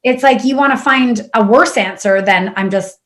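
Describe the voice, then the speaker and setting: A candid woman speaking in a casual podcast chat. Her voice sits a touch higher than most women's, and she strings her thoughts together with a stream of "like" and "you know." She sounds relaxed and frank. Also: moderate pace. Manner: candid, chatty, full of fillers. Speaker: guest chiropractor.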